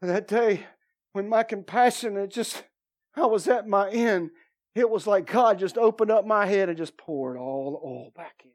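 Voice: medium pitch, normal speed. Preacher telling a vivid sermon story. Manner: vivid storytelling with repeated phrases, acting out dialogue.

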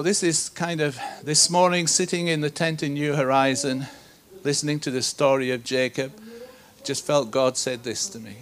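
A man preaching a sermon to a congregation, teaching in an earnest, conversational way with rhetorical questions. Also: mid-range voice.

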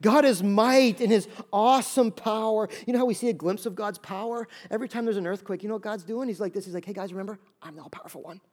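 A male pastor preaching a lively sermon, acting out little voices and jokes to make his points. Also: sits high, quick pace, hardly any pauses. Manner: animated, acts out voices and jokes.

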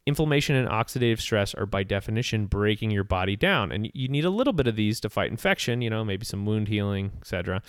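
Smooth-voiced man explaining casually. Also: fairly low pitch, fast, few pauses, no echo, studio quality. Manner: relaxed, steady explainer with fillers. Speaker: host explaining nutrition. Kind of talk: casual explanatory podcast chat.

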